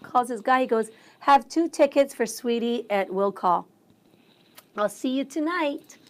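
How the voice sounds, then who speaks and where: An excitable woman tells a story as a guest on a talk show. Her voice sits fairly high. She slips into the voices of the people in it as she goes. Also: unhurried. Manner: bubbly, excitable, acts out quotes. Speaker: radio show emcee, guest. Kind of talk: animated storytelling in conversation.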